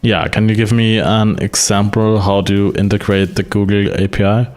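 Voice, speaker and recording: A man's voice: on the low side, level tone, moderate pace, a little mellow, soft background music. A man chatting casually as a developer, wry and hesitant, with many fillers. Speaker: streamer and developer. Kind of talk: casual chat.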